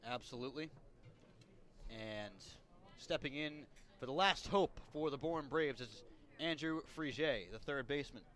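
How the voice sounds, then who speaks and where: A man calling baseball play-by-play, relaxed and chatty, lifting his voice on big plays. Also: medium pitch, unhurried. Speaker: play-by-play announcer.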